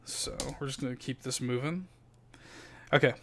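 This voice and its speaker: A man's voice: medium pitch, normal speed, a bit bright. A man running a tabletop game as game master, narrating loosely with many fillers and casual swearing.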